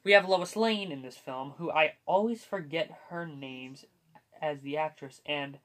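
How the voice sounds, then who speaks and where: A man's voice: on the high side, measured pace, fairly bright tone. A young man hosting a casual comic book movie review, joking and rambling with self-deprecating asides. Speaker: host.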